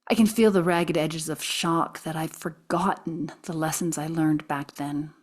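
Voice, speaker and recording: A woman reading aloud from her own memoir, expressive, sometimes dropping into soft whispers. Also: deep voice, measured pace. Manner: expressive, drops to soft whispers at quiet moments.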